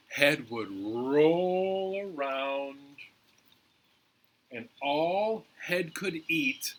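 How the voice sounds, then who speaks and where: A man telling a folktale to children at a library storytime in a playful, expressive way. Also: mid-range voice.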